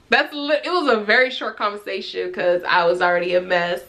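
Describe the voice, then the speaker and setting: Woman, young adult, vlogger, casual storytelling, animated, bright voice. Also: mid-range voice, a little fast, hardly any pauses, a little hiss or hum. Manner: chatty and animated, with restarts and quoted dialogue.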